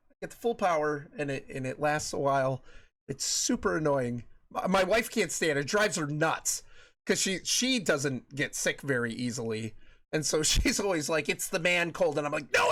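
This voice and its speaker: Male streamer host, 30s, slightly high voice, casual and rambling, filler-heavy. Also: fairly bright tone. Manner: rambling, repeats phrases, many fillers. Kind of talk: casual chat with live stream chat.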